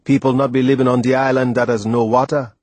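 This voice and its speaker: A man voicing an old sailor, gruff but protective, with loud, drawn-out dialect speech. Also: mid-range voice, level tone, no echo, natural voice. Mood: gentle.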